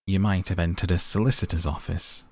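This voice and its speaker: A man's voice: sits low, steady tone, fairly quick, darkish tone, dry recording. A man reading the part of a vain middle-aged mother and faded actress, fussy and affected. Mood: complaining.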